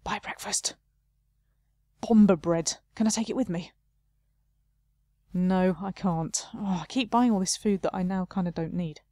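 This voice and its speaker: A woman's voice: medium pitch, measured pace, pauses often, dark tone, dry recording. A woman playing a game, chatting casually and reading the game text aloud, often laughing at herself. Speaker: let's play host.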